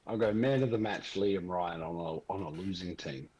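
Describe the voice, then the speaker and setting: A man's voice: deep voice, moderate pace, darkish tone, rough recording. A man in a casual podcast chat, rambling through his points with many ums and hesitations.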